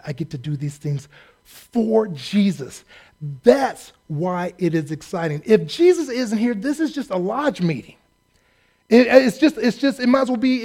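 A man preaching a lively, humorous sermon, joking and acting out quotes. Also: high-pitched. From United States. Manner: animated, joking asides and acted-out quotes.

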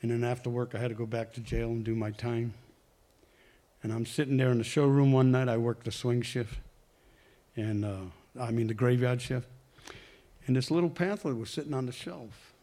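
Man, mid-pitched, loose conversational church testimony, self-correcting, tells it like a story. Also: steady tone, normal speed, warm tone. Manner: rambling, conversational, corrects himself mid-sentence. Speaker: church member giving testimony. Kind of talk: personal testimony to a congregation.

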